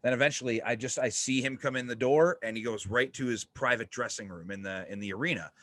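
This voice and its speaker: A man hosting a podcast, telling a story in a casual, excited way and swearing freely. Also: medium pitch, fast, dry recording, clean studio sound. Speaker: podcast host.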